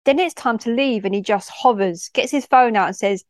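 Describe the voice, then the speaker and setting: A woman tells a personal story from her work as a school mentor, heartfelt and expressive, dropping local slang. Her voice sits a little high. The recording is close and dry, with no room sound. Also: normal speed, dry recording.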